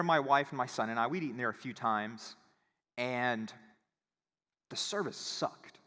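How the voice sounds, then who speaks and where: A man giving a conference talk, telling a casual, animated story and acting out the voices of the people in it. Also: medium pitch, unhurried, pauses often. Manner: animated, acts out quoted voices. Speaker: conference speaker. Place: conference hall. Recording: reverberant hall.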